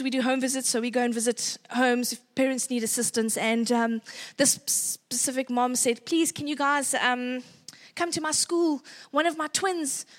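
A woman in her thirties with a South African accent, telling parenting stories in a casual, animated way and often acting out the dialogue. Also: high-pitched. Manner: animated, laughing, acts out dialogue. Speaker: parenting educator. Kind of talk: casual storytelling talk.

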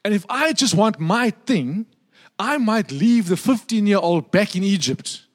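A man with a high-pitched voice preaches in a relaxed, conversational way. He drifts into humorous stories and checks in with the room through quick asides. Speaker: pastor. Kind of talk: sermon.

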